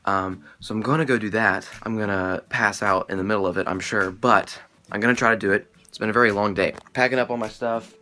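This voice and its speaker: A man's voice: lowish voice, fairly even intonation, a little fast, bright, forceful tone. Upbeat young man vlogging with a headset mic. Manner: upbeat, chatty, joking. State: sick, stuffy nose. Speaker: vlogger and magician. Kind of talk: casual vlog talk. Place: outdoors and in a car. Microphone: headset microphone.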